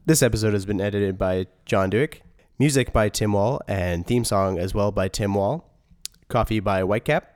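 A man's voice: fairly low pitch, normal speed, hardly any pauses, a little mellow. A man hosting a casual podcast, playfully reading out the show's credits and sign-off. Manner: playful, reads show credits. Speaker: podcast host.

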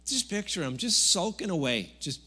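A pastor preaches a Sunday sermon at a church service, keeping it conversational and jokey but breaking into sudden loud bursts now and then. His voice is high, husky and sing-song, at a moderate pace.

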